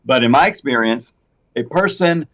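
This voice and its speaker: A man's voice: medium pitch, lively intonation, normal speed, a bit bright. Man chatting about his stylist trade. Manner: rambling, self-correcting, laughs often. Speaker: hair replacement stylist. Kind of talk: casual chat.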